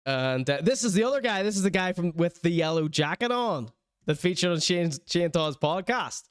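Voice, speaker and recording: A man hosts a podcast, riffing sarcastically over viral clips and laughing as he goes. His voice sits a bit high, smooth and crisp. The sound is dry and close. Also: lively intonation, normal speed, dry recording. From Northern Ireland. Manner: chatty, laughing often, sarcastic. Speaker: podcast host reviewing clips. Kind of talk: casual commentary over clips.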